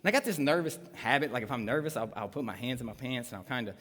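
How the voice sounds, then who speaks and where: A man's voice: medium pitch, fast talker. A man, a pastor telling a personal story in a live sermon, acting out the voices in his tale. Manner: animated storytelling with voiced quotes. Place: church auditorium. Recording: live sermon in a large hall.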